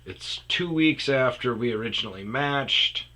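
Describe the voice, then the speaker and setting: A man's voice: mid-range voice, expressive, unhurried, pushed and bright. A man hosting a podcast, telling a rambling, self-mocking story in casual chat, full of fillers and restarts. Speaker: podcast host.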